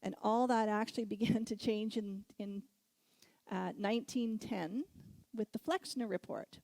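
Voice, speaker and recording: A middle-aged woman giving a sermon, telling a personal story with frequent laughter and animated moments. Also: mid-range voice, unhurried, creaky, dry recording. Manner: storytelling, laughs often, animated when recounting. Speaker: guest speaker.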